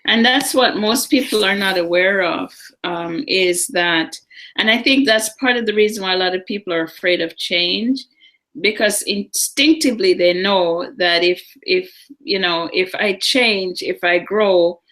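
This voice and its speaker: Bright-voiced woman telling stories. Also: mid-range voice, unhurried. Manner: storytelling, animated, acts out voices in anecdotes. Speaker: psychic co-host. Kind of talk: casual chat on a live show.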